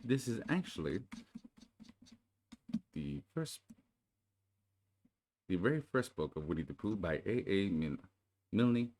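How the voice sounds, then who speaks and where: A man hosting his channel in casual chat, then reading a storybook aloud in a soothing, unhurried way. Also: lowish voice, very animated, a little mellow, a little hiss or hum. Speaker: channel host.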